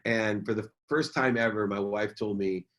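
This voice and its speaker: A man's voice: lowish voice, steady tone, moderate pace, fairly bright tone. A middle-aged man, a businessman and motivational speaker, telling a personal story as a podcast guest in an earnest, emphatic way, repeating key phrases.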